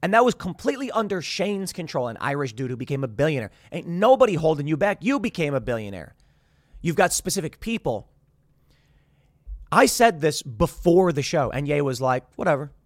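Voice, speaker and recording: Higher-voiced man hosting a talk show. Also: very animated, fairly quick, no echo, studio quality. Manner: rambling, mimics others in quotes. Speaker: show host. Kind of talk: casual commentary monologue.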